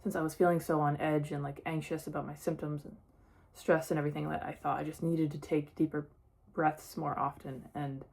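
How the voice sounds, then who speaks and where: A woman's voice: low-pitched, a little mellow, slightly rough. A young woman talking casually in a personal vlog, sharing her experience with many "like" fillers. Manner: chatty, lots of "like" fillers. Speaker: vlogger.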